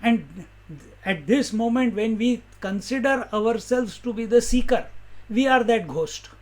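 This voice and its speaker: In an unhurried discourse on scripture, a man with a high-sitting voice teaches as a spiritual guide. He pauses, asks his audience questions and then answers them himself, letting out soft laughs along the way.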